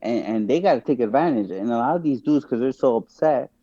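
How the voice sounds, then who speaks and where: A man's voice: mid-range voice, expressive, a little fast, dark tone, no echo, muffled recording. A man on a podcast as a guest, arguing his views in casual, emphatic talk that returns again and again to rhetorical questions. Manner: emphatic, keeps asking "guess what". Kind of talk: casual opinionated discussion.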